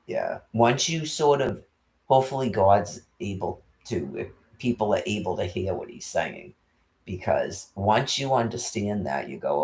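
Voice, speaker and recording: Deep-voiced man musing at home. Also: lively intonation, unhurried, darkish tone. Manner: musing, meandering explanations. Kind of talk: casual chat at home.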